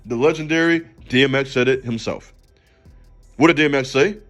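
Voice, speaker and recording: A man's voice: medium pitch, brisk, fairly bright tone, faint music behind. A man hosting a faith channel, giving a motivational talk in an emphatic, preachy way and calling out to the listener directly. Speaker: channel host.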